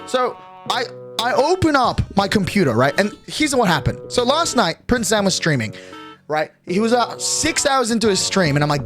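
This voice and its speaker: Lively nineteen-year-old streamer. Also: medium pitch, normal speed, faint music behind. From Australia. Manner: animated, exasperated ranting with heavy swearing. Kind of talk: casual livestream chat.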